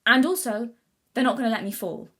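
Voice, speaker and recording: A young woman vlogs off the cuff, earnest and rambling, thinking aloud with many restarts and self-corrections. Her voice is a little high, brisk, and fairly bright.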